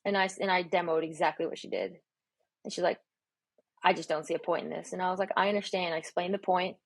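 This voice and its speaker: A woman's voice: lowish voice, fast, no room sound. A woman strength coach telling a story in a casual podcast chat, acting out her own dialogue with energy. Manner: animated, acts out her own quoted dialogue. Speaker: strength and conditioning coach, guest.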